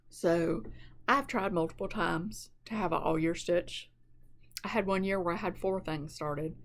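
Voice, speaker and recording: A woman talks casually to her viewers from home, sitting a little low in her voice. She gushes and repeats herself over things she loves, relaxed and chatty. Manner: chatty and gushing, repeats words for emphasis. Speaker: cross-stitch vlogger. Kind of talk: casual chat to camera.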